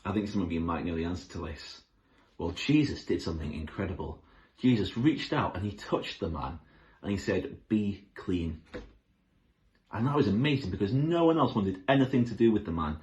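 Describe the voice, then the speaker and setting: Animated kids' teacher. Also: male voice, sits low, a little fast, muffled recording. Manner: enthusiastic, asks the children questions. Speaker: children's Bible lesson leader. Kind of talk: children's Bible lesson.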